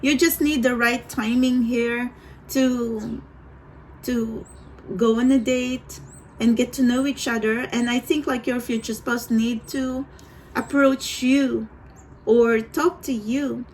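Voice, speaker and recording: A woman's voice: fairly high pitch, steady tone, slow, a little hiss or hum, rough recording. A woman doing a tarot reading for viewers, rambling and hesitant, with many restarts. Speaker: tarot reader.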